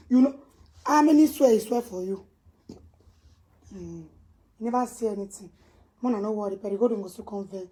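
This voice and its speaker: A woman vlogger with a Nigerian Pidgin accent, ranting on camera and swinging from low muttering to loud, high scolding. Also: normal speed, pauses often. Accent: Nigerian Pidgin English. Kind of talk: casual ranting vlog.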